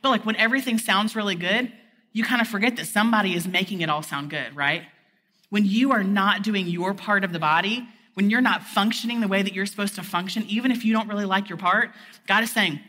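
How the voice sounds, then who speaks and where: A woman's voice: mid-range voice, a little fast, sharp tone. A woman giving a chatty, candid sermon at a conference, peppering her talk with "like". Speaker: conference speaker. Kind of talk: conversational sermon. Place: conference hall stage. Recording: long reverb of a large hall.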